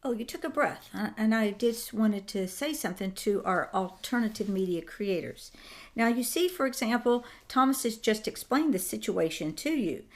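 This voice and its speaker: A woman's voice: on the high side, lively intonation, moderate pace. A woman co-hosting a political talk show, speaking in a direct, instructive way to fellow creators. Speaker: co-host.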